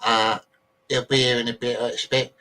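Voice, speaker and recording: A man's voice: medium pitch, level tone, moderate pace, sharp tone. A man hosting a casual livestream, rambling chattily to his viewers and swearing freely while he sorts out videos on his computer. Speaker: livestream host.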